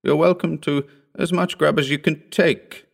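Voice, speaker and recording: A man voicing a blunt, wary fisherman on a schooner who talks in gruff sailor's speech. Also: a little high, fairly even intonation, normal speed, pitched above the performer's own voice.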